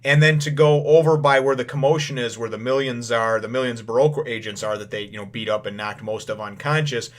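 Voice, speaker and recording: Male host, mid-pitched, casual first-impressions recap, rambling, loose paraphrased dialogue. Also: fairly even intonation. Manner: rambling, full of filler phrases; acts out lines in quick paraphrase. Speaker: manga chapter reviewer.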